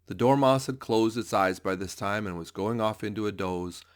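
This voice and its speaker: A man narrating a storybook in a measured, expressive reading. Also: lowish voice. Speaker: audiobook narrator.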